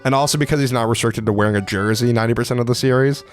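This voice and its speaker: Profane, excitable young man ranking characters. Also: mid-range voice, very fast, faint music behind. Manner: profane, excitable, lots of "like" fillers. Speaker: anime video creator. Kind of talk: casual commentary ranking characters.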